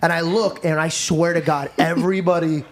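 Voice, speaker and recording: Excitable high-voiced man telling a story. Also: normal speed. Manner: excitable, swears a lot, acts out both sides of an argument. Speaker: podcast host. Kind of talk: animated storytelling chat.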